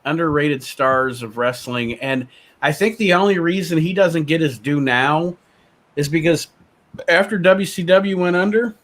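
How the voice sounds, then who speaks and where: A man's voice: a little high, unhurried, fairly bright tone. A man co-hosting a podcast, talking casually with many restarts and fillers. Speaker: podcast co-host. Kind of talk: casual chat recapping wrestling.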